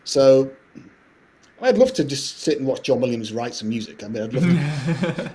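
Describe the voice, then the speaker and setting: A middle-aged man, telling stories as a podcast guest in animated, rambling talk. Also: mid-range voice, slight background noise. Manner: fast, animated anecdote-telling with frequent laughs. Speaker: guest composer. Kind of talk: casual podcast interview storytelling.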